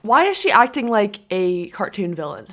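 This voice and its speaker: A woman's voice: medium pitch, very animated, normal speed, a bit bright. Giggly incredulous young woman commentator. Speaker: commentary vlogger. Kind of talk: reaction commentary.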